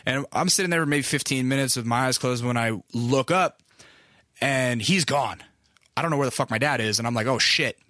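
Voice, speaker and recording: Profane, bright-voiced young male podcast host. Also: mid-range voice, brisk, dry recording, clean studio sound. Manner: loose, profane, rambling with restarts. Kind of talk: casual storytelling monologue.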